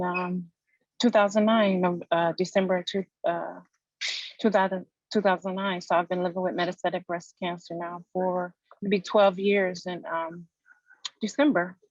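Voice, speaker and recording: A woman with a somewhat low voice introduces herself plainly on a video call. The sound is dry and slightly lo-fi, with no room echo. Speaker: patient panelist, veteran. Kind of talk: personal testimony.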